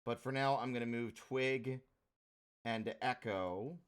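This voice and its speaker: A man's voice: medium pitch, slow pace, smooth. A young adult man livestreaming, thinking aloud in a rambling casual way as he organizes his work. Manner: rambling, self-talking while organizing.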